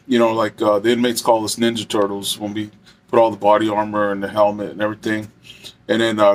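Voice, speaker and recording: A man recounts a tale from his days as a correctional officer in a relaxed, storytelling manner. He rambles and circles back, filling his sentences with "like" and "you know," at an ordinary middle pitch. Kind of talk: casual storytelling.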